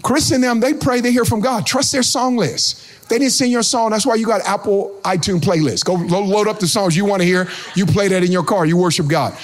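A man preaching a sermon as pastor, animated, breaking into sing-song shouts and calling out to the congregation. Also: high voice, brisk. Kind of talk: energetic sermon.

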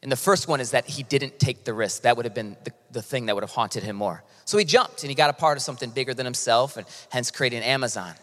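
A male pastor preaching a sermon with impassioned delivery, swinging from quiet to loud emphasis. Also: medium pitch, fast talker, few pauses. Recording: long hall reverb.

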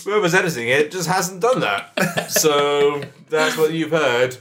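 A man's voice: on the high side, unhurried, heavy background noise. A man in casual podcast chat, chiming in with dry wisecracks. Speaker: podcast co-host.

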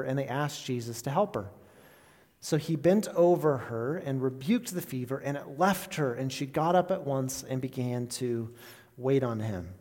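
A man's voice: a little high, darkish tone. A man preaching a sermon to his congregation, talking it through with rhetorical questions and restarts. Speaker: pastor. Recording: long reverb of a church hall.

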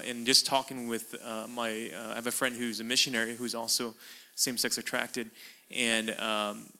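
A man's voice: mid-range voice, pushed and bright. A man interviewing a guest, asking his questions in a hesitant, conversational way with frequent fillers.

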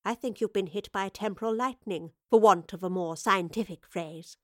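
Calm clever professor lady, read by a woman, quiet and measured, mid pitch. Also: dry recording, studio quality, natural voice. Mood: quiet, grave. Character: calm, learned female professor, quietly worried.

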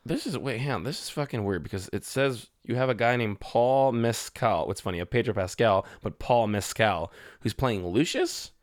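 A man co-hosting a podcast, talking about films in loose, rambling chat full of fillers and curses. His voice sits at a middle pitch. The sound is dry and close, with no room around it. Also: moderate pace, few pauses, dry recording. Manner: swears freely, rambling with many fillers. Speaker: podcast co-host. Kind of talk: casual movie chat.

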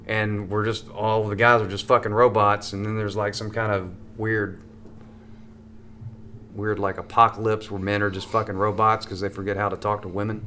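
A man's voice: on the low side, little pitch movement, normal speed, sharp tone, slight background noise. A man who does stand-up comedy, chatting as a podcast guest in a comedy club, joking and rambling with plenty of profanity. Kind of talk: casual joking chat.

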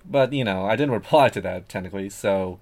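A man's voice: fairly low pitch, a little fast, a little mellow. Rambling hesitant man, guest on a podcast. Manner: rambling, hesitant, many fillers and restarts. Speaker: guest artist. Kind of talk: casual podcast chat.

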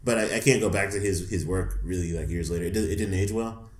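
A man co-hosting a casual podcast chat, relaxed and opinionated. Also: sits low, fast, roomy sound. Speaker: podcast co-host.

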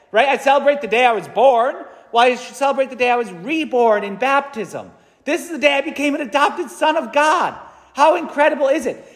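High-voiced priest preaching in a church. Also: male voice, a bit bright. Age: 30s. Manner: conversational, earnest, asking "right?" often. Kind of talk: sermon. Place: large church. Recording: long church reverb.

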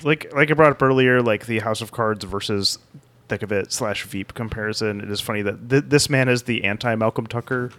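A man co-hosting a casual podcast, talking with animated, quick asides. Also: fairly low pitch, dry recording. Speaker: podcast co-host. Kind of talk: casual chat.

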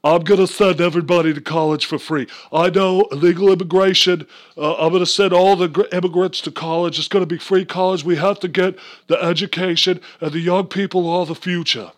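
A shrill, preachy old male senator, as a man puts him on, pitched well above the speaker's own voice. He lectures insistently and loudly. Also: steady tone, fairly quick, hardly any pauses, lightly acted.

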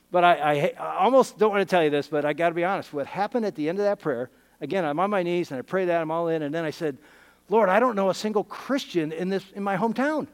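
A middle-aged man preaching a testimony sermon, telling his story and swinging from excited to hushed and emotional. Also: on the high side, big-room sound.

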